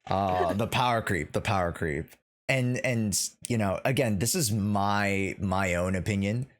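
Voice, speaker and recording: A man hosting a casual podcast chat on a headset, talking in a halting way with many restarts. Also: on the low side. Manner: hesitant, many restarts and fillers. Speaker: podcast host.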